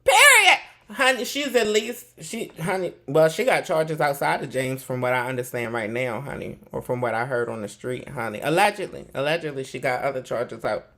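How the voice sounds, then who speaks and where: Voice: medium pitch, fairly quick, few pauses. A show host giving sassy live commentary on community news, peppering the talk with "honey" and "child.".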